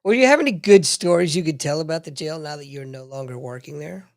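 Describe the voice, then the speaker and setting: A man's voice: on the high side, fast talker, vocal fry, no room sound. A man hosting a casual interview, asking easygoing questions and giving short reactions. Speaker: podcast host.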